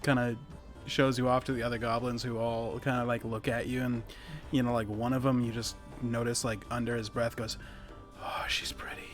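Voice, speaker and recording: A man narrating as game master of a tabletop game, relaxed and rambling with many fillers. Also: mid-range voice, fairly quick, music in the background.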